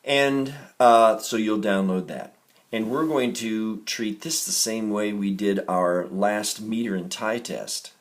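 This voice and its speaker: A man's voice: lowish voice, slow. A man teaching a recorded music reading lesson, explaining note values patiently and correcting himself now and then. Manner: patient, counts beats aloud in a raised chant; steady and explanatory, with small self-corrections.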